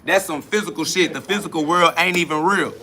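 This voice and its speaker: A man's voice: fairly high pitch, fairly quick, bright, forceful tone. A man hosting a podcast livestream, answering chat comments in a blunt, profane, confrontational and preachy way, repeating his points for emphasis. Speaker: podcast host.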